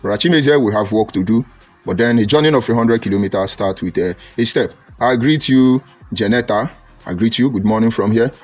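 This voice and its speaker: Speaking a little fast in a mid-range voice, this Nigerian-accented man mocks his political targets on a live stream while calling out viewers by name. Soft background music plays as his combative tone builds into loud outbursts.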